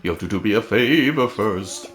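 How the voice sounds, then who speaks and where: A friendly male ghost frets over his grave in a raised, drawn-out voice, as a man puts it on while reading a game aloud. His pitch swings lively up and down. The room sounds roomy, with faint game music behind. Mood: fretful. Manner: high, drawn-out and fretful.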